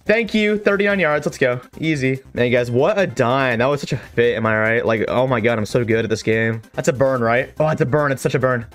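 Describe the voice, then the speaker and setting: A man giving excitable, trash-talking commentary while playing an online football game, mocking himself and his teammates. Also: mid-range voice, brisk, few pauses, soft background music. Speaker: gaming YouTuber. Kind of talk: live gameplay commentary.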